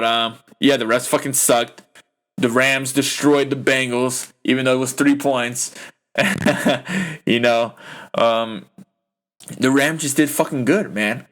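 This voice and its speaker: A man's voice: medium pitch, a bit bright. A young man hosting a podcast, ranting about a football game in a heated, profane, rambling way full of fillers. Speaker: podcast host. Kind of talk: casual sports rant.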